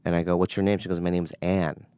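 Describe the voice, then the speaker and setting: A man in his forties spins an animated story in casual podcast talk. His voice sits low and smooth. The studio sound is close and dry. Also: fast, no echo. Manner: animated storyteller, acts out quotes. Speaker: podcast guest, comedian.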